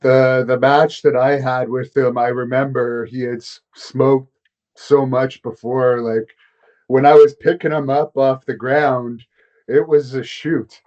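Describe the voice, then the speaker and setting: A man hosting a casual interview, chatting in a relaxed, conversational way. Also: medium pitch, measured pace, lo-fi sound. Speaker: interviewer host.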